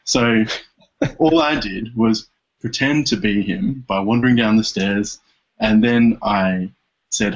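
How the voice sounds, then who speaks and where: Husky-voiced man telling a story. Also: lowish voice, slow pace. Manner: chatty storyteller with dry humour. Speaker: podcast guest. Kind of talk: casual interview chat. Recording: dull lo-fi podcast audio.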